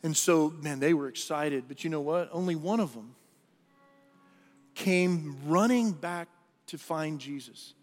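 A man's voice: on the high side, a little slow, long reverb tail, faint music behind. A man preaching a sermon as pastor, earnest and conversational, often repeating and restarting his words.

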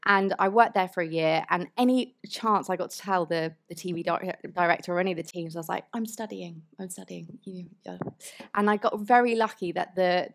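A woman in her thirties, a motorsport journalist chatting as a guest, telling stories and acting out the quotes. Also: fairly low pitch. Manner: lively storyteller who acts out quotes. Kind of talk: casual podcast chat.

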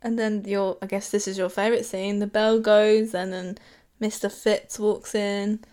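A young woman co-hosting a casual show recap, chatty and quick to laugh as she acts out the characters' lines. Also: medium pitch, level tone, a little mellow. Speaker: podcast co-host.

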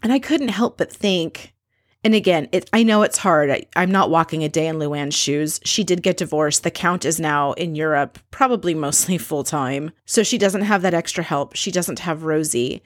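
A woman with a fairly low voice gives a chatty, gossipy recap of a reality show episode. Her voice is close and dry, with no room sound around it. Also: normal speed, no echo. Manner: chatty, gossipy, acts out quotes. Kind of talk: casual recap monologue.

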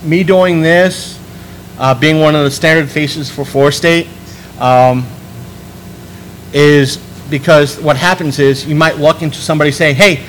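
A man hosting a podcast in casual chat, rambling and restarting his sentences, animated when he quotes people. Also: fairly high pitch, unhurried, a little hiss or hum, low-quality recording. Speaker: podcast host.

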